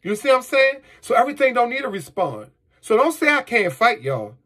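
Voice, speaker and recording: Fired-up guy ranting at the camera, high voice, kinda husky, lotta cussing, aave. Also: big pitch swings, brisk, bright, forceful tone. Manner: heated, profane, rhetorical questions. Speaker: vlogger. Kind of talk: angry monologue to camera.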